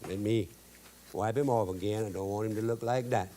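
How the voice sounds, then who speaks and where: Here the Cajun cooking show host has a lowish, warm voice with fairly even intonation, and talks fairly quickly. He drawls and jokes his way through a folksy demonstration in homespun, grammatically broken speech.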